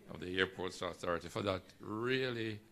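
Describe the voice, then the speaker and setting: A man moderating a formal signing ceremony, thanking speakers and introducing guests in a measured, gracious way. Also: sits low, creaky, a bit bright, a little hiss or hum.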